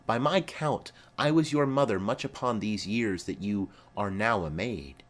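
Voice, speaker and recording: A man reading the part of a formal, commanding noblewoman speaking to her daughter in measured declamation. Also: on the low side. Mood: stately.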